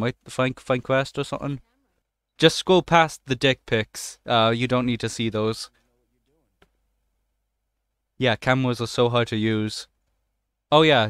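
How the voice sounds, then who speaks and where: Excitable young man, smooth voice. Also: mid-range voice, dry recording. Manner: excitable, swears often, jokey running commentary. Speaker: gaming channel host. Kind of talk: let's play commentary.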